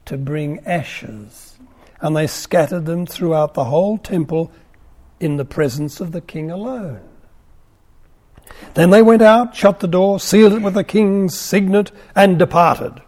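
A man, high-pitched and mellow, reads a scripture story to a class. He keeps stopping for wry, chatty asides.

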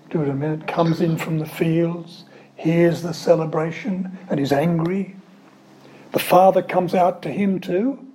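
Mellow-voiced man preaching with lively asides. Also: on the high side, poor audio. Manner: lively storytelling, reads scripture with asides. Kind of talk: sermon.

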